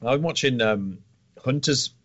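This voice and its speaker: A man's voice: mid-range voice, lively intonation, a little slow, a bit bright. Swearing man, dull sound. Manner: swearing, dry asides, laughs often. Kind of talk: casual chat.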